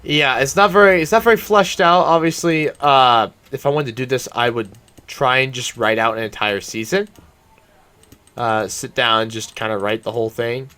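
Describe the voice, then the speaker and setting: A man's voice: mid-range voice, normal speed, bright, forceful tone, clear, resonant tone. A man, a gaming YouTuber, giving casual, rambling commentary while he plays a game. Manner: rambling, meandering storytelling.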